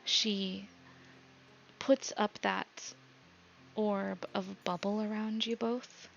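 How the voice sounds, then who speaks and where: A woman narrating as game master of a tabletop game, halting with many fillers. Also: medium pitch, level tone, gravelly, fairly bright tone, highs cut off, a little hiss or hum.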